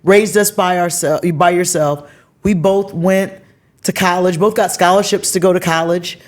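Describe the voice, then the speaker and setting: A middle-aged woman hosting a casual, heartfelt conversation, telling stories with animated swings in her voice. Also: normal speed. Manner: animated storytelling, expressive pitch swings. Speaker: podcast host.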